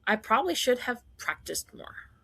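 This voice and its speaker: A woman voicing a witty, bold young English gentlewoman who speaks in a quick, teasing way. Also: on the high side, big pitch swings, gravelly, husky, no echo, heavily acted.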